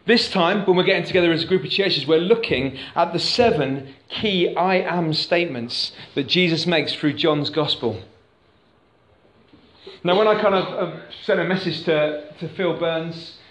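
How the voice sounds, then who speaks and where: A man gives a sermon in a church, talking conversationally and putting questions to the congregation. His voice sits a little high. The room around him is echoey. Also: fairly bright tone. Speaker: pastor. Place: church hall.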